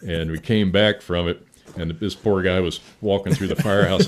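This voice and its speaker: A man's voice: deep voice, steady tone, normal speed. A middle-aged man, a veteran firefighter, telling folksy stories in a casual interview, laughing and acting out quotes.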